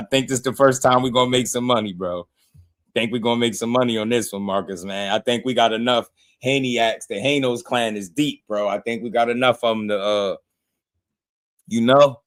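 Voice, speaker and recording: A boxing podcast host gets hyped on a livestream, talking excitedly about boxing in a voice on the low side. He's animated and laughing, swinging from shouting to muttering.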